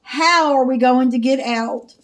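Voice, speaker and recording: Woman doing a jittery, whiny young man. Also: measured pace. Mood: scared. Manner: high, worried and whiny. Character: jittery, hungry young man, easily spooked.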